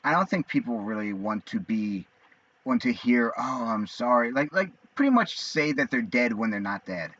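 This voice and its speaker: A man in his forties talking casually on his own, rambling and halting with many fillers and restarts. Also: medium pitch, expressive, fairly bright tone, no room sound. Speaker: vlogger. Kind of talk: casual monologue. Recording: dull lo-fi sound.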